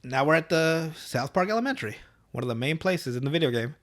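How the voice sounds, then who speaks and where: Animated profane man retelling a cartoon. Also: a little high, quick pace. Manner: animated, profane, laughing storyteller. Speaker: podcast co-host. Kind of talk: casual chat, episode recap.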